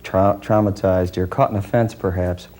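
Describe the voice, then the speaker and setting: A man being interviewed as a deer calling expert, explaining in a measured, technical way with frequent pauses and hesitations. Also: low-pitched, fairly even intonation, warm tone.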